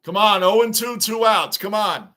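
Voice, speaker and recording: A high-pitched man talks casually through a live baseball stream. He chats with his viewers and reads their comments out loud. He sounds like a frustrated fan watching his team. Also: normal speed. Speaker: live stream reaction host.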